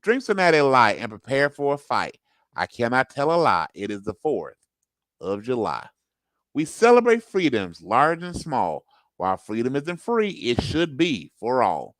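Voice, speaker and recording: A man putting on a booming patriotic announcer voice. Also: huge pitch swings, a little slow, fairly bright tone, no echo. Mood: proud, rousing. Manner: rhyming, sing-song declamation with big pitch jumps. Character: booming patriotic male announcer reciting verse. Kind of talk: comic recited ad.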